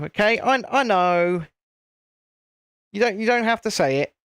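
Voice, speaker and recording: A man's voice: high-pitched, animated, measured pace, long pauses, a bit bright, smooth, no room sound, studio quality. Chatty British man hosting a live stream. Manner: chatty, self-deprecating, talks to viewers. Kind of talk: casual live-stream chat.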